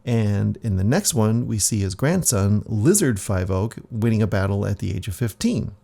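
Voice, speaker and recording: A man's voice: lowish voice, expressive, normal speed, creaky, warm tone. A man voicing a curious, eager male companion who keeps asking questions.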